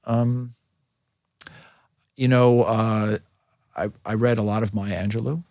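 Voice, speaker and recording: A middle-aged man speaks as an interview guest in a low, gravelly voice with a breathy, husky edge. He talks thoughtfully, stopping and restarting often. The sound is close and dry, with no room around it. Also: fairly even intonation, darkish tone, no room sound. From New York City. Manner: thoughtful, halting, many fillers and restarts. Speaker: medical school dean and hepatologist, interview guest. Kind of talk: casual interview.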